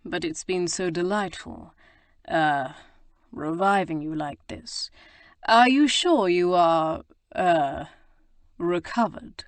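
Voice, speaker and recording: A woman's voice: on the low side, measured pace, dry recording, close to an everyday voice. A woman voicing a roguish young Regency lord who teases in a drawling, mock-innocent way. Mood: teasing.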